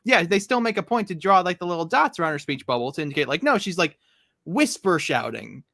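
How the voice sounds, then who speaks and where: A young man co-hosting a casual chat, recapping a comic story in an animated way. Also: high voice, brisk, vocal fry, dry recording. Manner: animated, recaps with acted quotes. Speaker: podcast co-host.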